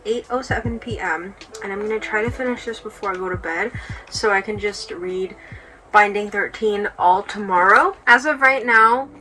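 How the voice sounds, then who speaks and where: A woman's voice: medium pitch, normal speed, pushed and bright. A young woman talking casually in a vlog diary, chatty and full of "like". She speaks at home into a phone or camera. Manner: chatty, says "like" often. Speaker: book vlogger. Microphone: camera or phone nearby. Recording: music playing behind.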